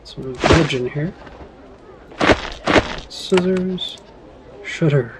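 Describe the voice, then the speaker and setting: A man's voice: fairly high pitch, takes it slowly, very noisy. A man playing a fantasy role-playing game, thinking aloud in casual, mumbled commentary. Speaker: let's play gamer.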